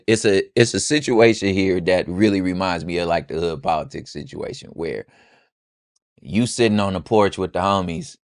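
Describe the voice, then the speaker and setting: A man's voice: sits low, no echo, studio quality. A young man hosting a podcast, giving loose, slangy, joking political commentary. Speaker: podcast host.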